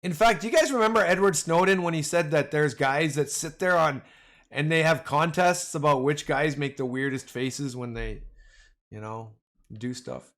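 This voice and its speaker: A man's voice: fairly high pitch, moderate pace, fairly bright tone. A man hosting a casual livestream, rambling and joking, often calling his viewers "man" and "boys". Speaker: livestream host.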